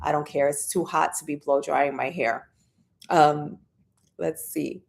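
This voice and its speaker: A woman runs a casual live stream, chatting away and greeting viewers by name, breaking into sudden high squeals of excitement. Her voice is gravelly and her pace measured.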